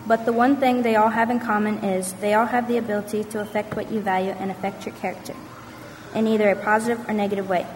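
Woman speaking fast in a hall. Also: mid-range voice, slight background noise. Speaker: student speaker. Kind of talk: prepared speech introducing the next speaker. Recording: reverberant hall with faint ambience.

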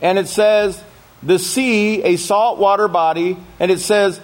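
A man's voice: high voice, fairly even intonation, moderate pace. A man giving a sermon to a congregation, reading scripture aloud and often checking in with his listeners through questions. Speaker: congregation teacher.

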